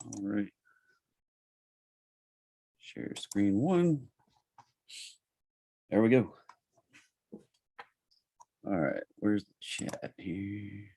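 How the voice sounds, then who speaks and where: A man with a Southern accent hosting a live trading webinar, talking in a relaxed, chatty way with plenty of fillers. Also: lowish voice, very slow, gravelly, pauses often, slightly rough. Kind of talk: casual live webinar presentation.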